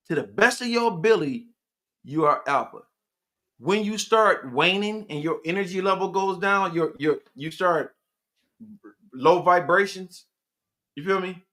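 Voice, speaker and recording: A podcast host man talking in a casual, profane and preachy way, with sudden loud outbursts. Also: high voice. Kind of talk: casual live podcast chat.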